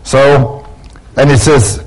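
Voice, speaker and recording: A man's voice: mid-range voice, little pitch movement, takes it slowly, low-quality recording. A man preaching a sermon, folksy and conversational, acting out quotes from people in his church. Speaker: pastor.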